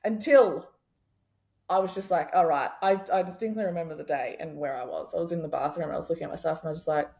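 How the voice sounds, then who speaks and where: Young adult woman, chiropractor guest; lowish voice, candid, expressive, unfiltered with swearing. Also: fast talker, vocal fry. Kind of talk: casual podcast conversation.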